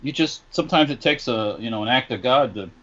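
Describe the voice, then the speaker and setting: A man co-hosting a casual podcast, rambling and halting with lots of fillers. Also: medium pitch, animated, fairly bright tone, lo-fi sound. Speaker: podcast co-host.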